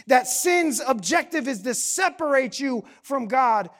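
A young adult pastor preaching a sermon in a church service, talking casually and then building to impassioned shouting. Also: sits high, expressive, a little slow.

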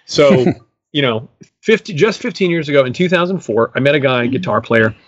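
A man's voice: medium pitch, expressive, brisk, no echo. A middle-aged man talks about his music as a guest, enthusiastic and rambling. His speech is full of fillers and restarts. The recording sounds dull and dry. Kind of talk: casual storytelling interview.

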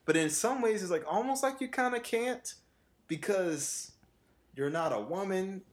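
A man co-hosting a relaxed conversation, talking with lots of animation and frequent laughter. He drops into brief mimicry of other voices as he tells stories. His delivery is loose and expressive. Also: high-pitched, measured pace. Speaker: podcast co-host and vocal coach. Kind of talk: casual chat.

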